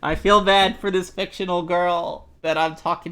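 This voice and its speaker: Brief: young male streamer with a bright, sharp voice, animated and rambling while reading game text. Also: high voice, normal speed, clear, resonant tone. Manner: rambling, animated, self-deprecating. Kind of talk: live game playthrough commentary.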